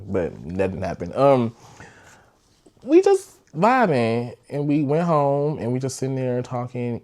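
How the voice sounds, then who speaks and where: A young man hosting a podcast, telling a personal relationship story in a candid, rambling way, swearing freely and sometimes sinking to a hush. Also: lowish voice. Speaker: podcast host. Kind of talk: casual storytime.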